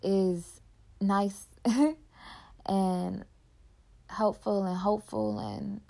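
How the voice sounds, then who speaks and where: A woman's voice: mid-range voice, flat delivery, drawn-out words, creaky, warm tone. A young woman podcaster talking candidly and heartfelt in casual personal reflection, filling her talk with "like". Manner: candid and heartfelt, heavy use of "like".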